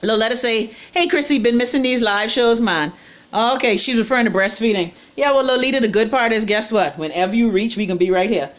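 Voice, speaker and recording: A woman's voice: fairly high pitch, a little fast. A middle-aged woman from the Bahamas with a Bahamian accent, hosting a casual live stream and reading viewer comments in a blunt, sassy, chatty way.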